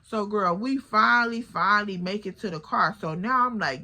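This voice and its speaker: A young woman with a bright, forceful voice, telling a storytime to her viewers. She talks in a casual, animated way, full of slang and cursing. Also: medium pitch, moderate pace. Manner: animated, slangy and profane, addresses viewers as girl.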